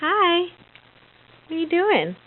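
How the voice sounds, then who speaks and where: A woman's voice: extremely high pitch, sing-song, slow, phone-quality sound, a little hiss or hum. A mother filming her toddler at home, coaxing her in sing-song baby talk. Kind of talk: home video.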